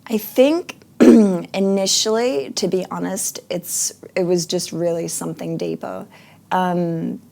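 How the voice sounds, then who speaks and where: Woman, interview guest; lower register, earnest, reflective delivery. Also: steady tone, slow pace, creaky, dark tone. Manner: earnest, reflective, frequent fillers. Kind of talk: casual interview.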